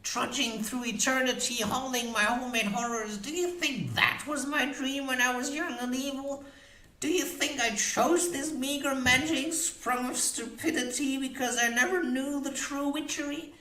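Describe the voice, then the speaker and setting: A man voicing a cackling, boastful old witch with a shrill, sneering voice, reading an audiobook. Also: moderate pace, pushed and bright, heavily acted. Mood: bitter snarl. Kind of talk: audiobook character voice. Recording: echoey room recording.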